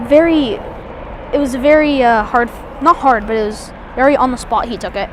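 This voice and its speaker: Woman, high pitch, live outdoor airport streamer, chatty and rambling, with faint background noise. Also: normal speed. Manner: chatty, enthusiastic, rambling with restarts. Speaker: live plane-spotting streamer. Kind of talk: live aviation commentary.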